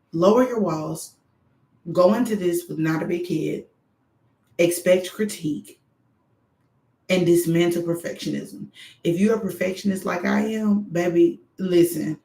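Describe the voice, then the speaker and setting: A woman giving frank, animated advice straight to her viewers in a candid monologue. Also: on the low side. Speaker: doctoral student vlogger. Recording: echoey room.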